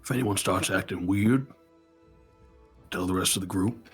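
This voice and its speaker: Deep husky guy laying down the rules to his party in character, firm. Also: moderate pace, faint music behind. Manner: firm, instructive warnings. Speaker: tabletop player. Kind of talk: in-character talk in a tabletop game.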